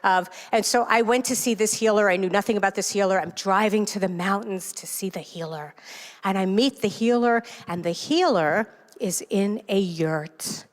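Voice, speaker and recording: A New York City woman, a self-help author, gives an inspirational talk to a congregation in a church sanctuary, telling stories with animated, self-deprecating humor. Her voice is medium in pitch at a normal speed, and the recording carries the long reverb of a large hall.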